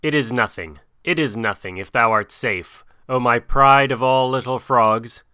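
A big, gruff old bear, sore from a fight, who talks gravely and fondly, voiced by a man reading a storybook. The voice is crisp, bright and dry. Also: mid-range voice, measured pace, dry recording. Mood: tender. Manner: grave, fond speech.

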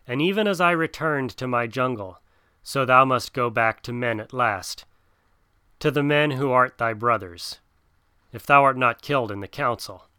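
A man voicing a wise, protective male black panther in a storybook reading, speaking softly and low, growing urgent when he gives advice. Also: normal speed, clear, resonant tone, no echo, studio quality, lightly acted. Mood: tender. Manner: soft and low, then urgent.

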